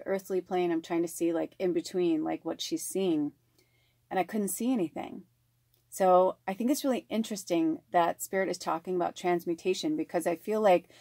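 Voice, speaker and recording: A woman reading oracle card messages in a slow, measured way and telling a chatty personal story full of fillers. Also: medium pitch, darkish tone, no echo, studio quality. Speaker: spiritual card reader.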